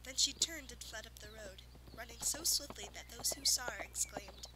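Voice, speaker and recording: A woman narrating a fantasy storybook aloud in a soft, measured, lyrical way, sometimes dropping to a whisper. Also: on the high side, crowd noise, rough recording. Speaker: audiobook reader.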